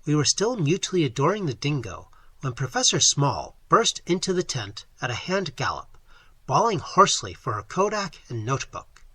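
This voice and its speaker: A man narrating an audiobook in an expressive storytelling manner. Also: fairly high pitch, normal speed, slightly rough, dry recording.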